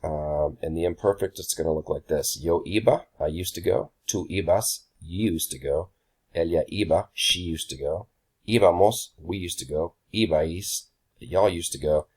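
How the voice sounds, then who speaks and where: A young man giving a relaxed recorded grammar lesson as a Spanish teacher, with many ums and uhs. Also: low voice, moderate pace, husky.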